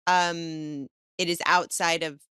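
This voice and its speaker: Measured woman co-host, smooth lowish voice. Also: fairly even intonation, sharp tone, dry recording, studio quality. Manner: measured, grateful, halting. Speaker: podcast co-host. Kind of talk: casual chat.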